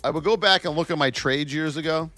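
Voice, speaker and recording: A man teaching stock trading while reviewing charts live, in an excitable, playful way with frequent exclamations. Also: on the high side, fast, faint music behind. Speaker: trading educator.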